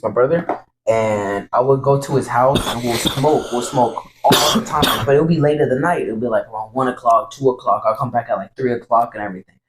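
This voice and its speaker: Young guy rambling through a story, lots of cussing, roomy echo, faint hiss behind. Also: mid-range voice. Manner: rambling, profane, repeats "I was like". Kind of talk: casual storytelling chat. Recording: echoey room.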